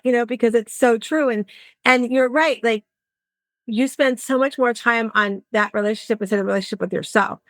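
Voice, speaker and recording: A woman's voice: on the high side, a little fast, dry recording. Chatty woman podcast host. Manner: chatty, acts out bits of client talk. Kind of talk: casual interview chat.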